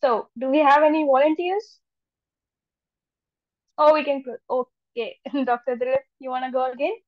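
Woman, high voice, club meeting host, dull dry call audio. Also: steady tone, normal speed, no echo. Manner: repeats questions, laughs lightly. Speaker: table topics master. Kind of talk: meeting hosting. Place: video call.

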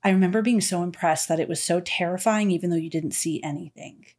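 A woman co-hosting a podcast, ranting in an animated, exasperated way and mimicking what others said. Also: lowish voice, quick pace. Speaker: podcast co-host. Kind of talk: casual chat.

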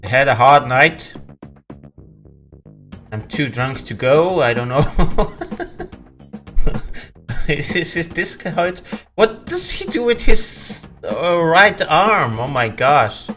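Slow, lively laughing gamer man. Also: fairly high pitch, faint music behind. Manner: laughs often, yelps and pleads at the game. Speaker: gaming channel host. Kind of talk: let's play commentary.

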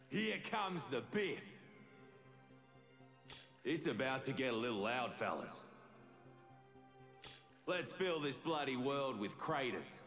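An actor with an Australian accent playing a rowdy, boastful older demolitions brawler in video game voice lines, gruff and jokey. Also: male voice, mid-range voice, fairly bright tone.

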